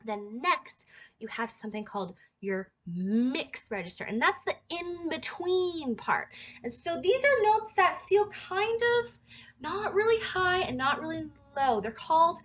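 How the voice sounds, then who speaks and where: A young woman with a slightly higher-than-average voice teaches singing in a casual, chatty way. She stops now and then to sing short demonstration notes. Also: animated, unhurried, fairly bright tone. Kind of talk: casual vocal lesson.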